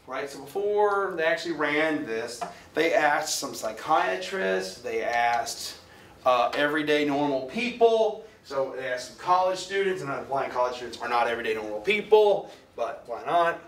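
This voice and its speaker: In a lecture hall captured from afar with plenty of echo, a man with a somewhat high, slightly bright voice talks at normal speed. He is animated and jokey, chatting through the lecture and asking the class questions.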